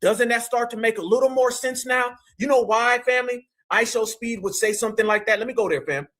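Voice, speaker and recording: Streamer guy from Ohio, high voice, preachy and emphatic, talks straight to his chat. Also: a little fast, a bit bright. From Ohio, USA. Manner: preachy, emphatic, keeps calling the audience "fam" and "family". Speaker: live-stream commentator. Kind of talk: live-stream commentary.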